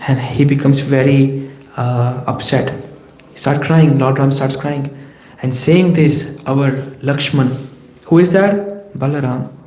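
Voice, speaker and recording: A man giving a scripture class lecture, telling the story in a lively way and speaking in the voices of the people in it. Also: medium pitch, slow, echoey room, poor audio. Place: temple hall.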